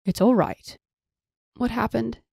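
A woman voicing a cautious, high-ranking woman who speaks carefully and reassuringly in an audiobook. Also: fairly even intonation, slow, vocal fry, a little mellow, husky, dry recording, clean studio sound, full character voice.

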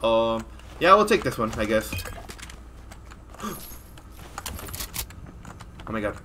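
A man giving live commentary as he plays a video game, jumpy and excitable, full of exclamations. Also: medium pitch, slow pace, background noise. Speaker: gaming streamer.

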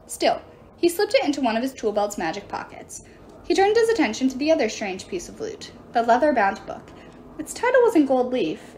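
Expressive woman reading a novel aloud. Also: high-pitched, slight background noise. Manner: expressive, acting out each character. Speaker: audiobook reader. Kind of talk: storybook narration.

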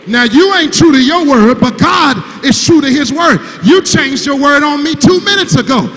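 A man's voice: extremely high pitch, expressive, moderate pace, fairly bright tone. A grieving man preaching a call-and-response sermon to his congregation, repeating words for emphasis and pressing the room to answer back. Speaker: preacher, son of the late pastor. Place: large church sanctuary. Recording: church sanctuary with long reverb.

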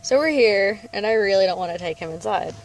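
A woman's voice: mid-range voice, expressive, brisk, noisy background. A woman chatting casually in a vlog, cooing baby talk at her cat, first from a car and then at home. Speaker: pet owner vlogger.

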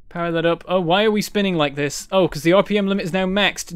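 A man's voice: high-pitched, brisk, hardly any pauses, no echo, studio quality. A man from northern England streaming a game live, thinking aloud, answering chat and breaking into frustrated exclamations. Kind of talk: live-stream gameplay commentary.

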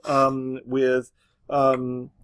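A man's voice: medium pitch, completely flat delivery, extremely slow, a bit bright, no room sound. Man lecturing in a dry room. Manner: conversational, frequent "right?" and "um". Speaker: literature lecturer. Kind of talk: classroom lecture.

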